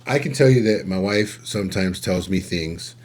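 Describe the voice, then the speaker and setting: Low-voiced man musing on relationships. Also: normal speed, darkish tone. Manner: repeats himself, many fillers, preachy. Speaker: podcast co-host. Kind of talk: casual relationship talk.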